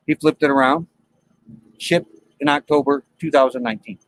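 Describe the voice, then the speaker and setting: A man's voice: mid-range voice, moderate pace, no echo, poor audio. A man hosting a live stream from his RV, telling a story in plain, colloquial talk and acting out the dialogue. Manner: animated, acts out dialogue in the story. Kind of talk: casual storytelling to live chat.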